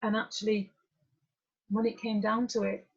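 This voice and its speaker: Middle-aged woman speaker, husky, candid storytelling, muffled lo-fi recording. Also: mid-range voice, little pitch movement, moderate pace. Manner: candid, conversational, drifting asides. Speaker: workshop speaker. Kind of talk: personal storytelling talk.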